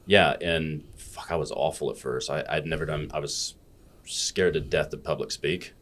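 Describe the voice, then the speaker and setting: A man's voice: extremely low pitch, normal speed, fairly bright tone. An American man telling stories as a guest in a casual podcast chat, blunt and freely swearing. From United States. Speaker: guest, fitness educator.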